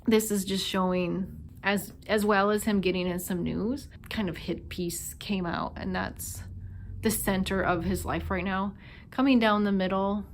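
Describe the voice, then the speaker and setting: A woman's voice: mid-range voice, slight background noise. Chatty Minnesotan woman reading tarot. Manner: chatty, thinking aloud with frequent fillers. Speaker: tarot reader. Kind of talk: casual tarot reading monologue.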